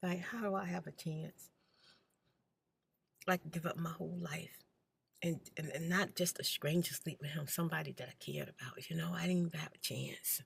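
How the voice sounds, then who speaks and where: Soft spoken asmr lady telling her story, husky low voice, blunt and confiding, slips into whispers. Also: fairly even intonation, fairly quick, few pauses. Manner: candid, blunt, confiding, sometimes drops to a whisper. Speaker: ASMR channel host.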